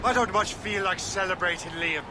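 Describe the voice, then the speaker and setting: A man's voice: sits high, moderate pace, close to an everyday voice. An actor with a put-on Irish accent playing a conflicted young male sailor in a video game. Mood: uneasy. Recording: game audio with clear noise.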